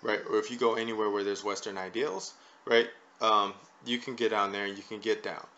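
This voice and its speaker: A man with a lowish voice rambles through a casual chat, tagging his points with a questioning "right?" over and over. The recording sounds dull and lo-fi, as if captured on modest home gear. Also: fairly even intonation, fairly quick, pushed and bright. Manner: rambling, peppers lines with "right?". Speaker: podcast host.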